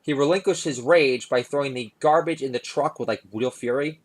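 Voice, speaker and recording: A middle-aged comedian hosts his own podcast, speaking briskly in a mid-range voice. His monologue is rambling and sardonic, crammed with fillers, especially frequent "uh"s.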